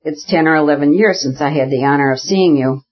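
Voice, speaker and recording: A courteous, gently ironic old aristocrat from a storybook, voiced by a husky man. He speaks dryly, a touch high. The recording is dull and lo-fi. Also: a little fast, natural voice. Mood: wry.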